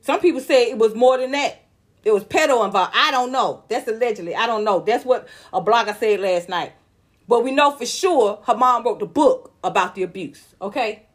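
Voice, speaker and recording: A woman's voice: a little high, normal speed. A woman vlogger giving heated, outspoken celebrity gossip commentary, talking straight to her viewers in casual slang.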